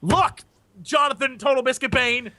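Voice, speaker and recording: A man co-hosting a podcast in casual chat, excitable and self-mocking, laughing often. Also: extremely high pitch, normal speed, dry recording. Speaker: podcast co-host.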